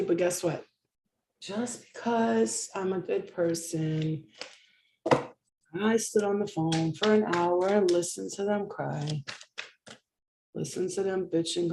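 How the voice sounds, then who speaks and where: A woman's voice: fairly low pitch, dark tone, slight background noise. A woman in a casual ranting monologue, blunt and heavily profane, firing off rhetorical questions. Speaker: spiritual reader, vlogger. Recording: echoey room.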